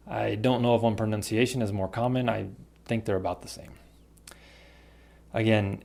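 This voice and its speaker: A man's voice: lowish voice, steady tone, normal speed, creaky, pauses often, a little mellow. A man teaching English pronunciation, carefully demonstrating pairs of words. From United States. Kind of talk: pronunciation lesson.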